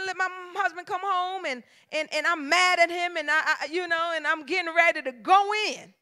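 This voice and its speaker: A woman pastor delivers a sermon in a church sanctuary. Her voice sits very high and sounds bright and ringing. She talks in a folksy, colloquial way, drops low for emphasis and then builds to loud, shouted lines. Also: moderate pace, few pauses. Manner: emphatic preaching with call-and-response cadence, swinging from hushed to shouted.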